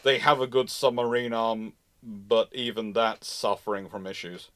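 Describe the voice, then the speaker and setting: Naval history guy on a livestream, bright voice, dry close mic, chatty and animated. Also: fairly low pitch, normal speed, no echo. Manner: animated, playful storyteller. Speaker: naval historian and channel host. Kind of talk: live-stream lecture chat.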